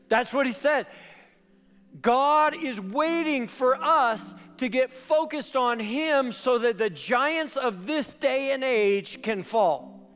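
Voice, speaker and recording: A male pastor preaching a sermon, telling a story with animated shifts between loud and quiet. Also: extremely high pitch, slow pace. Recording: long hall reverb, faint music.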